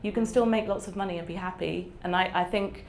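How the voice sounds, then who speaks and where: Low-voiced woman, candid and reflective. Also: steady tone, a little fast, a little hiss or hum. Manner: warm, reflective, laughs often, lots of fillers. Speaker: author guest. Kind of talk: candid conversational interview.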